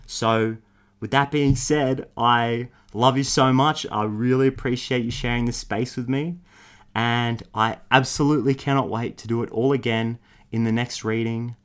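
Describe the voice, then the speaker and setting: A man's voice: medium pitch, steady tone, moderate pace, clean tone. A man hosting a tarot card reading video, talking straight to his viewers in an enthusiastic, affectionate, rambling way. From Australia. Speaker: tarot reader.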